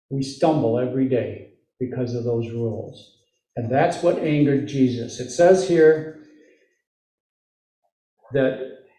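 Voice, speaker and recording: In a church sanctuary, a lay preacher with a Midwestern American accent gives a conversational sermon, asking the congregation questions and slipping in jokes. His voice is mid-range and warm. The distant mic picks up an echoey room.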